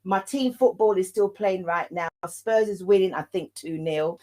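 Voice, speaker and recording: A woman's voice: on the low side, moderate pace, warm tone. Chatty British woman hosting a live show. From United Kingdom. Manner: chatty and upbeat, many fillers. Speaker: host. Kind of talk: live online interview show.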